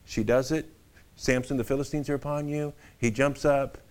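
A male pastor preaching a sermon in a conversational, animated storytelling way. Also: medium pitch, normal speed.

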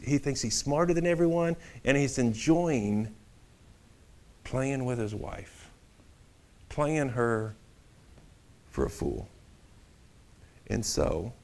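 A male pastor preaching a sermon in a conversational, animated storytelling way. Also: mid-range voice.

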